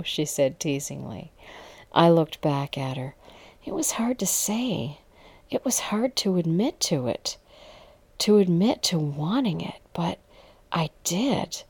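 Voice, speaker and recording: A woman's voice: lowish voice, lively intonation, takes it slowly, a little mellow, husky, no room sound. A woman narrating an erotic audio story in the first person, intimate and at times dropping to a whisper.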